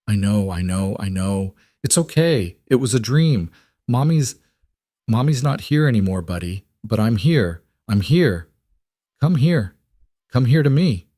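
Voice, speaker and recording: A man voicing a protective young woman comforting a child, in a soft, soothing way. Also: lowish voice, animated, unhurried, no echo, clean studio sound.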